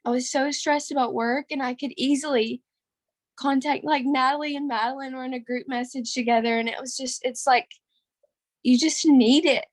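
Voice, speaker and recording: A woman's voice: sits high, fairly even intonation, moderate pace, no echo. Emotional, rambling young woman. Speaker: caller sharing a testimonial. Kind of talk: casual testimonial on a group call.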